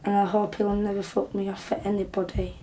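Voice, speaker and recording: A young woman with an English accent, talking in a plain, subdued, halting way in an interview and reading her own words aloud. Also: mid-range voice, little pitch movement, mellow, roomy sound, a little hiss or hum, poor audio.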